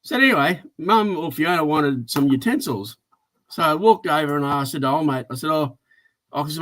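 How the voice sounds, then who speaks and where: A man with an Australian accent co-hosting a casual chat, telling stories in a blokey, animated way. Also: fairly high pitch, fairly quick. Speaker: co-host.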